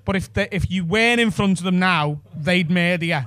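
A man's voice: high voice, a little fast, fairly bright tone, smooth. A man doing stand-up, bantering with the crowd in a cheeky, sweary way on a comedy club stage.

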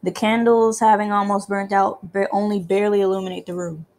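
A woman narrating as a young man on a dark quest. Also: mid-range voice, little pitch movement, brisk, lightly acted. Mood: uneasy. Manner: quiet, descriptive narration. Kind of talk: reading game narration aloud.

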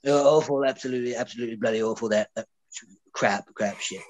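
A woman's voice: rumbling low, quick pace, darkish tone. A woman playing a petulant, self-pitying male theatre director in an online student drama. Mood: sulky. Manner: whiny, sulky, melodramatic. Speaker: student actor. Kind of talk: online amateur drama over video call. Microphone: video call. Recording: dull lo-fi video call audio.

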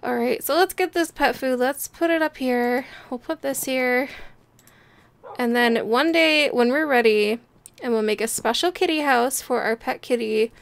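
A woman's voice: high-pitched, a little slow, vocal fry, clear, resonant tone, no echo. A young woman chatting playfully as she plays a building game and talks her viewers through it, laughing often. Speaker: gameplay video host. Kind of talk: casual game commentary.

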